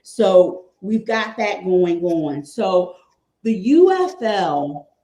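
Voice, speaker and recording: A woman from Cleveland chats about football as a guest, taking her time. She repeats her points with a die-hard fan's enthusiasm. Her voice rings in a roomy, echoing space, at a middle pitch. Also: lively intonation, drawn-out words, dark tone. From Cleveland, Ohio. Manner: chatty, repeats phrases, fan enthusiasm. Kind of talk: casual sports chat.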